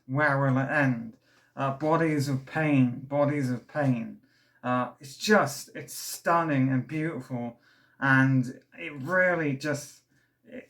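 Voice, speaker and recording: A man's voice: medium pitch, a bit bright. Breathless, rambling young man. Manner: rambling and enthusiastic, many fillers and restarts. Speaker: record reviewer. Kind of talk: casual album review vlog.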